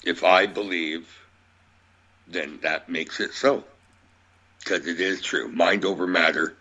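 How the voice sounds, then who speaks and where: A man with a low, bright, forceful voice muses about beliefs as a guest on a conversational radio interview. He speaks slowly and steadily in a plainspoken, rambling way, and the audio is dull and lo-fi.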